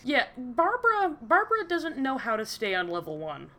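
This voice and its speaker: A woman co-hosting a casual podcast, dropping quick sarcastic quips. Her voice is bright, high and swings widely in pitch. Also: huge pitch swings. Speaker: podcast co-host. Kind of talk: casual chat.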